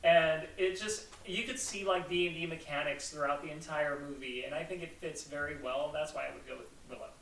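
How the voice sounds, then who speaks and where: A podcast host, a man, rambles through casual chat with plenty of "like" fillers. His voice is bright and a little high, and it sits in an echoey room some way from the mic. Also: fairly even intonation, a little fast, vocal fry, hardly any pauses, recorded from a distance, slight background noise.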